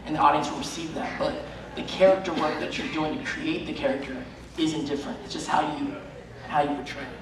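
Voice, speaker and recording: A man's voice: on the high side, steady tone, quick pace, crowd noise. A man, an actor on a convention panel, earnestly explaining how characters are built. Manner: earnest, instructive. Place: large convention panel room. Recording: very echoey hall, distant mic, noise.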